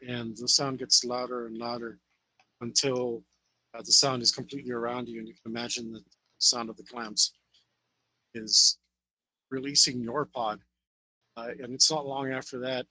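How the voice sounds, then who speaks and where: A man running a tabletop role-playing game, describing scenes in a loose, unhurried way with many fillers. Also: mid-range voice, sharp tone, dry recording, low-quality recording. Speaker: game master.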